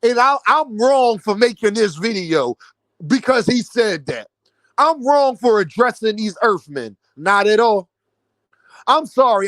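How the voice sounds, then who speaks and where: A man's voice: high voice, a bit bright, no room sound. A man ranting about boxing to his viewers, mocking and incredulous. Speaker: boxing commentary vlogger. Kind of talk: animated boxing rant.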